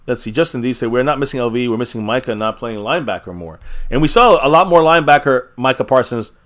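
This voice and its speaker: A man's voice: mid-range voice, fast. Chatty man hosting a fan live stream. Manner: chatty, reads viewer comments aloud, energetic. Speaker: fan livestream host. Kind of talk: casual live-stream commentary.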